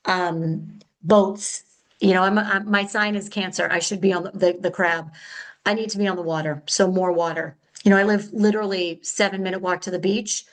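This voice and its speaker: A woman's voice: mid-range voice, steady tone, moderate pace, low-quality recording. A middle-aged woman hosting her own podcast, talking in a candid, chatty way that is a little frenetic and full of self-corrections. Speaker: podcast host. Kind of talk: casual solo podcast talk.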